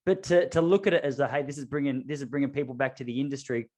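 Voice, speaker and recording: A man's voice: medium pitch, steady tone, very fast, a little mellow. A man hosting a podcast, talking in casual chat, earnest and reflective. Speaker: podcast host.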